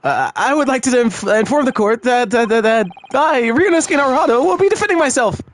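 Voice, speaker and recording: A man's voice: very high-pitched, big pitch swings, fairly quick, a little hiss or hum, pitched above the performer's own voice. A man voicing a nervous young male law student in a courtroom game, stammering and flustered.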